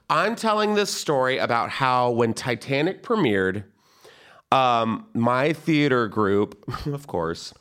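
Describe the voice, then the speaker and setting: Brief: male comedy podcast host, lively and camp, laughs through his anecdotes. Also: mid-range voice. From San Antonio, Texas. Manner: animated, camp, laughing at own jokes. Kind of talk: casual comedic storytelling.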